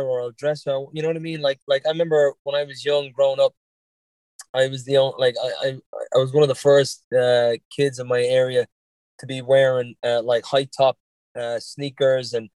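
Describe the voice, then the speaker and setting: A man's voice: mid-range voice, a little mellow, no room sound. An Irish man with a light Dublin accent that has a touch of Boston in it. He is a podcast guest telling stories in a rambling, profane way and laughs often. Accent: Irish, Dublin leaning, slight Boston. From Ireland. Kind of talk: casual interview chat.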